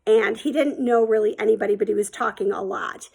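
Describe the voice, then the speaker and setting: A woman's voice: medium pitch, brisk, vocal fry, warm tone, slightly rough. A middle-aged woman telling a personal story in a casual, rambling way, with many ums and likes.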